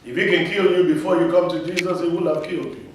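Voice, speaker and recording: A man's voice: high-pitched, little pitch movement, quick pace, noisy background. A male pastor preaching a sermon, emphatic and leading his congregation in call-and-response. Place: church. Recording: echoey hall, mic from far off.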